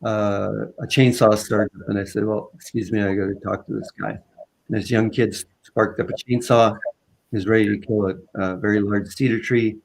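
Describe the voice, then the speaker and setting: A man from Southern Vancouver Island, a guest in a conversation, telling a story casually in halting phrases full of fillers and restarts. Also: on the low side, steady tone, vocal fry, a little mellow, low-quality recording. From Southern Vancouver Island, Canada.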